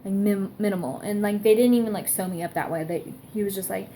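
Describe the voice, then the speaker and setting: A woman's voice: medium pitch, steady tone, quick pace, hardly any pauses, dark tone, a little hiss or hum. A young woman rambling casually through a product review, filling her talk with "like" and trailing restarts. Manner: chatty, heavy use of "like", rambling. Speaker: vlogger.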